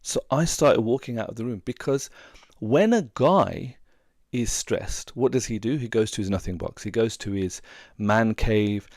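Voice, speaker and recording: A man's voice: lowish voice, a little slow, a little mellow, no echo, clean studio sound. A middle-aged man, a relationship coach giving earnest, conversational advice and sharing personal stories. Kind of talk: casual advice talk.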